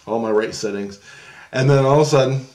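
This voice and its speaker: A man's voice: mid-range voice, fairly quick, darkish tone. A middle-aged man vlogging, telling a long story in a loose, rambling way, swearing freely and laughing often.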